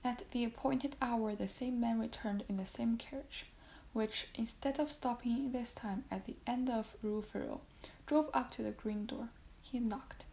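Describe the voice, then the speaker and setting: A woman's voice: a little high, vocal fry, dark tone, a little hiss or hum, poor audio. A woman reading a classic novel aloud as an audiobook, sometimes dropping to a whisper and correcting her own slips. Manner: reads classic prose, with whispered passages and self-corrections. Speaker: audiobook reader.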